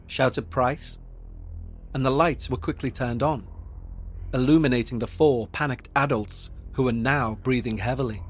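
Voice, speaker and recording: A man narrating a ghost story with measured, dramatic pacing as the host of a paranormal podcast. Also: mid-range voice, fairly even intonation, soft background music.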